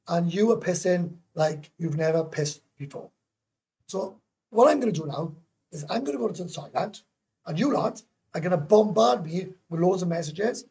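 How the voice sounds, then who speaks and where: A man's voice: high voice, darkish tone, breathy edge. A Welsh man hosting a casual livestream, chatty and blunt, swearing freely as he talks to viewers. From Wales. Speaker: livestream host. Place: home in Thailand.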